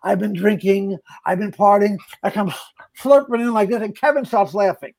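A man, an actor and comedian, telling set stories in casual chat, animated and full of stammered restarts. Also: sits high, moderate pace, vocal fry. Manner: animated, acts out quoted voices, stammering restarts.

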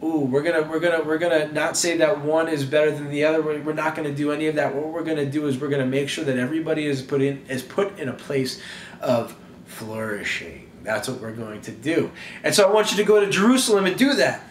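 A man preaching a sermon in an animated, conversational way that often repeats words as he goes. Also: fairly high pitch, a little fast, echoey room, a little hiss or hum. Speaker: pastor.

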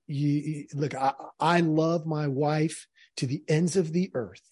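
A man's voice: on the high side, fairly even intonation, takes it slowly, darkish tone, breathy edge, dry recording, studio quality. A man commenting earnestly on a played clip, speaking directly to his audience. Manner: earnest, addresses the audience as folks.

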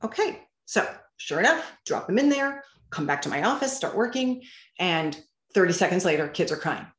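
A woman's voice: lowish voice, moderate pace. A woman guest telling parenting stories in casual interview talk, acting out bits of dialogue as she goes. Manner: animated storyteller who acts out dialogue. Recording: roomy echo.

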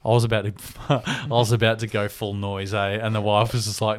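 A man's voice: lowish voice, fairly quick. A man in his thirties, a podcast co-host, telling a story casually, swearing freely and acting out the people he quotes. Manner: animated, swears freely, acts out quoted voices.

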